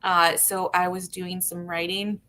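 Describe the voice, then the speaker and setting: A woman co-hosting a podcast over a video call, rambling with many fillers and quick bursts of speech. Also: on the low side, level tone, sharp tone. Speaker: podcast co-host. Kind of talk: casual chat.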